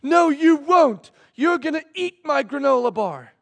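A man voicing his stubborn three-year-old son, shouting whiny protests in a sermon story. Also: very high voice, normal speed, voice pushed up. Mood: defiant.

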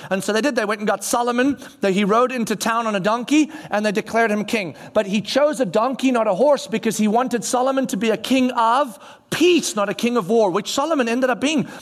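A man preaching a sermon, telling the story in an animated way and acting out voices of the people in it. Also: very high voice, fairly quick. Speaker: pastor.

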